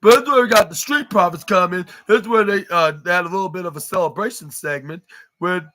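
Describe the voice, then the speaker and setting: A man's voice: high voice, fairly quick, sharp tone. A man hosting a podcast, recapping a wrestling show in a loose, rambling way with many fillers and restarts. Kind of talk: casual recap.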